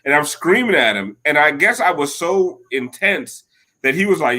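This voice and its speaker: A man in his thirties, a podcast co-host, rambles through stories in casual chat, cursing and saying "like" constantly. His pitch is fairly high and his tone pushed and bright, expressive at a moderate pace.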